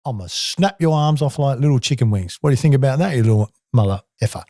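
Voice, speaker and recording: A man's voice: mid-range voice, animated, quick pace, dark tone, no room sound, clean studio sound. A man in his sixties imitating a towering male basketball star who threatens him with profane street-style trash talk. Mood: menacing.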